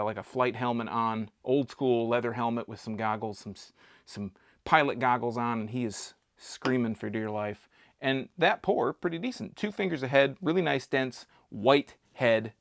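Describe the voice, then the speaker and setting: A man talking through a beer tasting in a relaxed, rambling way, cracking small jokes as he goes. His voice has a gravelly edge and sits at a middle pitch, recorded close and dry with no room sound. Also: no room sound. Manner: chatty, jokey, rambling with restarts. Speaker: beer reviewer. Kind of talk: casual beer tasting vlog.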